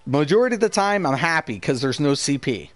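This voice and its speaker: A man's voice: on the high side, sing-song, brisk, dry recording. Heated, profane male streamer, dry close sound. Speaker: gaming streamer and channel host. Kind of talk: live stream rant, answering chat.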